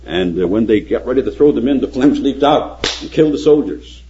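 An older man preaches with dramatic flair, building to loud, ringing readings of scripture. His pitch swings widely as he tells the story. The recording is dull and lo-fi. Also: expressive, brisk, noisy background. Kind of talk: sermon.

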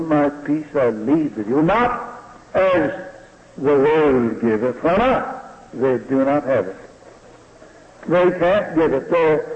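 A man preaching a sermon slowly and deliberately, often asking the listeners rhetorical questions. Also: a little high. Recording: dull lo-fi recording in a reverberant hall.

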